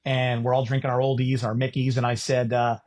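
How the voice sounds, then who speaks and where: A middle-aged man from California on a podcast, telling a story in casual chat and getting loud at the punchlines. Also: medium pitch, level tone, fairly quick. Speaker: podcast co-host.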